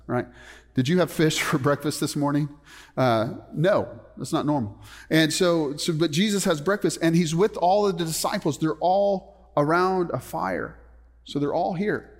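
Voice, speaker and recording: A man preaching a sermon as a pastor, emphatic, often putting questions to the congregation. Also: a little high. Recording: long reverb of a large hall.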